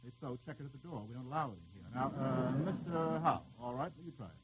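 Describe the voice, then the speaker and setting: A man hosting a live radio quiz show, teasing the panel with quick jokes as he reads out the questions. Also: medium pitch, animated, noisy background.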